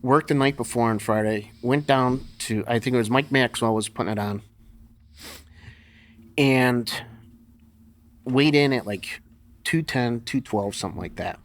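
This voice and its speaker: A man's voice: mid-range voice, unhurried, long pauses. Blunt, profane middle-aged man telling stories. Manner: profane, blunt, laughs through his stories. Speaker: podcast guest. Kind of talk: casual storytelling interview.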